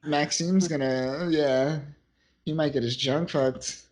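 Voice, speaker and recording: With a slightly high, steady and somewhat dark voice, a slow-speaking male co-host goes over a comic on a casual podcast. He rambles, curses freely, and recreates the characters' exchanges by quoting them.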